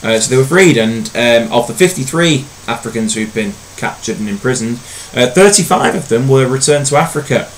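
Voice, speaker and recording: A man teaching a recorded history lesson in a relaxed, conversational way, with frequent ums and uhs. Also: medium pitch, fairly quick, hardly any pauses, a little hiss or hum, rough recording.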